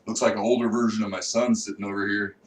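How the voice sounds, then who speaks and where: A man doing a rambling, profane comedy rant, bursting into loud shouting. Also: lowish voice, flat delivery, fast. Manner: swings into loud shouted outbursts; profane, rambling, self-mocking. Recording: echoey room, voice a bit far from mic, faint noise.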